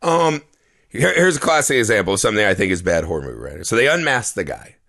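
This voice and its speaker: A man's voice: lowish voice, fast, gravelly. Ranting, swearing male podcast host. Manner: profane, ranting, animated. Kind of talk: casual movie review chat.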